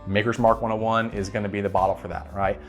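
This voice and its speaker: A man's voice: on the low side, fast talker. A man hosts a whiskey channel, giving casual bottle picks to camera and often asking "right?". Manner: relaxed, repeats words, says "right?" often. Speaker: whiskey reviewer and channel host. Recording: faint guitar music behind.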